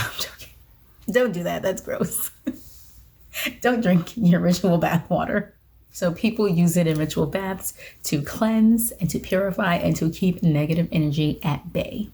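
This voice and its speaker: A young woman chats casually to the camera for her vlog. Her voice is mellow and sits a little low, and she pokes fun at herself as she laughs off her own slips. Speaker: witchcraft vlogger. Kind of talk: casual talking-head vlog.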